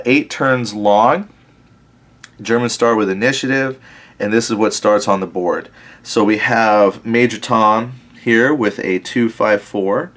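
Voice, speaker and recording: Southern US male host, slightly low voice, relaxed and thinking aloud while he plays. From Tennessee. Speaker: board game player and host. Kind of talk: casual tabletop gameplay commentary.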